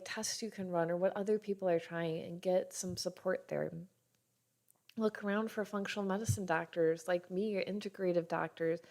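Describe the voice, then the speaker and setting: A woman in her thirties hosting a podcast as a doctor, talking frankly and warmly in an unscripted way, and sometimes acting out what others say. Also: lowish voice. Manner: frank and heartfelt, swears casually, acts out others' lines. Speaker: podcast host, functional medicine doctor. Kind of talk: candid solo podcast talk.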